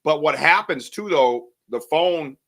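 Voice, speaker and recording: A man hosting a podcast, chatting in an animated, joking way and swearing casually. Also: on the high side, unhurried. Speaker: podcast host. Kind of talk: casual chat.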